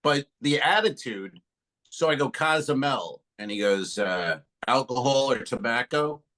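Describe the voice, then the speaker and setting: A man's voice: medium pitch, lively intonation, measured pace, bright, forceful tone, rough recording. A man co-hosting a comedy podcast tells a story in loose, casual chat. He acts out both sides of the exchange and swears freely along the way. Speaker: podcast co-host.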